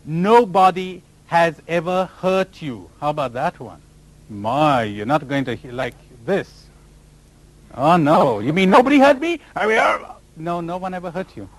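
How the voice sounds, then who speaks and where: Addressing a live crowd, this spiritual teacher playfully needles listeners with rhetorical questions and occasionally imitates how others sound. His slightly high voice is unhurried, and the recording has no room sound.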